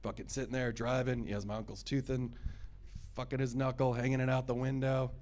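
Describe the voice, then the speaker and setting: A man's voice: medium pitch, level tone, a little fast, a little mellow. A man in his thirties doing a stand-up comedy set, with crude, sarcastic crowd work. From United States. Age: 30s.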